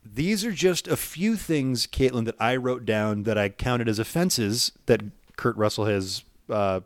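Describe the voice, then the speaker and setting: A man co-hosting a comedy podcast, joking and animated. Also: mid-range voice, measured pace, smooth, no echo. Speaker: podcast co-host.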